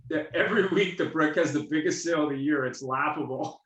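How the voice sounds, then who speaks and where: A jokey panelist with a high, bright voice that jumps around in pitch. He laughs often, and his voice rings in an echoey room. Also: fast. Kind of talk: casual panel chat.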